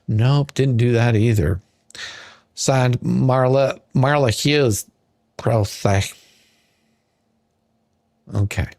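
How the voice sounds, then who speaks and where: Exasperated male commentator, slow and husky, dry close sound, sarcastic rant. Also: medium pitch, darkish tone, no echo. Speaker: commentator reading a court filing. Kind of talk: ranting commentary.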